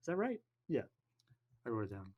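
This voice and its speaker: A man on a podcast casually recapping a film, rambling and jokey, tossing in quick snatches of character voices. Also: mid-range voice, huge pitch swings, husky, dull audio. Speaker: podcast co-host.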